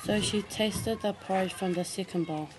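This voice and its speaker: A woman teacher reading a storybook aloud in a clear, steady read-aloud manner. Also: medium pitch, moderate pace, background noise.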